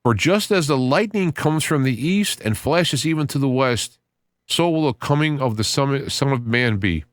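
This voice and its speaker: A man hosting a podcast, talking casually about scripture in an earnest, rambling way, often restarting his phrases and reading passages aloud, with sudden rises in pitch when excited. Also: moderate pace, dry recording, studio quality. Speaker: podcast host.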